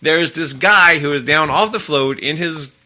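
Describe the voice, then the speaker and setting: A man's voice: on the high side, unhurried, bright, forceful tone. A man co-hosting a podcast in casual chat, telling a rambling story with frequent laughs. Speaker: podcast co-host.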